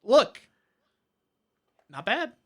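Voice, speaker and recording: A man's voice: very slow, bright, forceful tone. A man co-hosting a podcast, rambling through a long movie recap in casual chat. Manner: rambling retelling with fillers. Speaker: podcast co-host.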